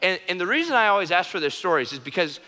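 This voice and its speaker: A man preaching a sermon in an animated, joking way, repeating key phrases and restarting sentences. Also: sits high, fast, long reverb tail. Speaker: pastor.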